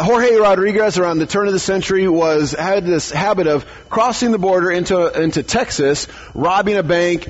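Husky-voiced man preaching casually. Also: fairly high pitch, lo-fi sound. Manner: conversational, repeats words, asks "right?". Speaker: pastor. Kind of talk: sermon. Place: church.

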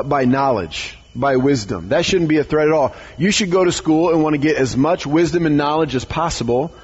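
A man's voice: on the high side, slightly rough, lo-fi sound. A man, a pastor, giving a conversational sermon in church, often stumbling over words and asking "right?".

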